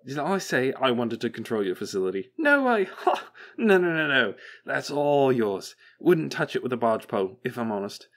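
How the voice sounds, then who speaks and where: A man voicing a manic, chattering male robot who rambles flippantly and bitterly, jumping high in pitch when excited. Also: moderate pace, few pauses. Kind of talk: audiobook character voice.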